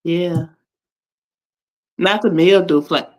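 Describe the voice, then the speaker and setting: A woman's voice: fairly low pitch, animated, fairly bright tone. Laughing, cussing woman livestream host. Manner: laughing, cussing, drawn-out repeats. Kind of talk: casual livestream chat. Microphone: streaming call.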